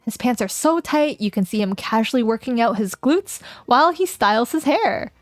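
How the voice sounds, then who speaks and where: A woman's voice: on the high side, lively intonation, normal speed, dry recording, studio quality, soft background music. A woman streamer reading a dating game aloud in a playful, casual way, chatting with her viewers between lines. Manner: playful, laughs often, reads game text aloud.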